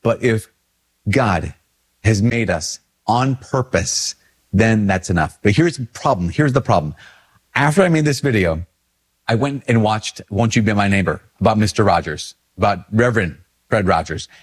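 A man, a priest, talking casually on video, animated and self-deprecating. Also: normal speed, breathy edge. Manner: animated, self-deprecating, jumps in pitch for quoted asides.

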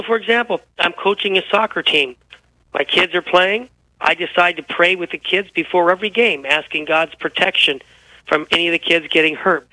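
A man who is feeling unwell, a guest telling lively anecdotes on a radio interview. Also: high-pitched, dry recording, poor audio. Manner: animated, tells anecdotes with quoted dialogue. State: unwell, feels physically poor. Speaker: guest author.

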